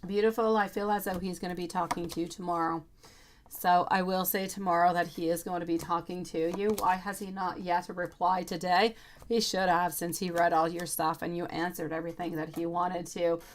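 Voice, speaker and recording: A woman's voice: lowish voice, flat delivery, moderate pace, a little hiss or hum. A woman in her thirties doing a live-streamed tarot reading, chatty and affectionate, calling her viewers sweetie. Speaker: tarot reader.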